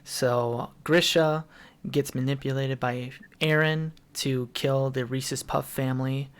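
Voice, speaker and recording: A man co-hosting a relaxed podcast among friends. He recaps plainly, teases the others in a dry way and keeps pushing the talk on to the next point. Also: mid-range voice, a little slow, smooth. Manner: dry, teasing, steers the talk along. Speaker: podcast co-host. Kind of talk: casual chat among friends.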